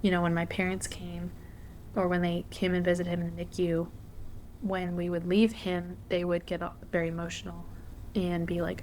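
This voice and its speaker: Candid lower-voiced woman podcaster. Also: monotone, moderate pace, a little mellow, slight background noise. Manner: candid, conversational, frequent fillers. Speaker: podcast host. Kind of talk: casual personal storytelling.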